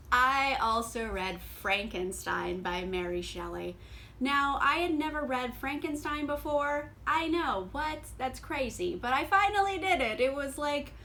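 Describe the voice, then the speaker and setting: A young woman talks through her reading in a casual book vlog, chatty and sarcastic. Her voice sits high and sounds bright and lively. She fills her sentences with fillers and breaks into quick laughs. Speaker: book vlogger.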